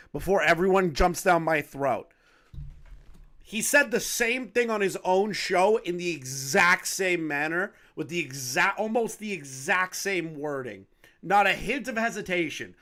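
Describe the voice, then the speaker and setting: A male commentary host reacts to a clip with blunt, casual remarks and frequent swearing. His voice sits slightly high for a man. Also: fairly bright tone. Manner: blunt, profane, casual opinions. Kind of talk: drama commentary over a clip.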